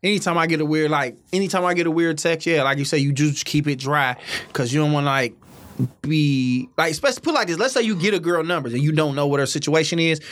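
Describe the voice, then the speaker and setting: A quick-talking man with a slightly raised voice spins comedy stories on a podcast. His delivery is loose, profane and animated. He rattles through each tale at speed. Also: on the high side. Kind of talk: casual storytelling chat.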